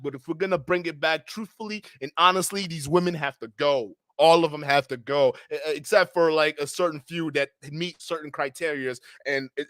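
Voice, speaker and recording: High-voiced man ranting on a livestream. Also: no room sound, studio quality. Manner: loud, profane, ranting, repeats words. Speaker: livestream host. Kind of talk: heated commentary livestream.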